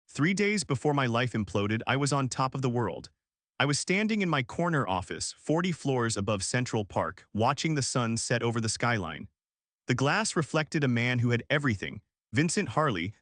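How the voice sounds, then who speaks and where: A man in his forties reading a first-person story as narrator, with a smooth and even delivery. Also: medium pitch, dry recording, clean studio sound. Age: 40s.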